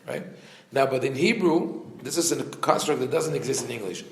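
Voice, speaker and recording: A man's voice: mid-range voice, animated, moderate pace, creaky, echoey room, a little hiss or hum. A man, a rabbi, teaching a Torah class with rhetorical questions and frequent restarts.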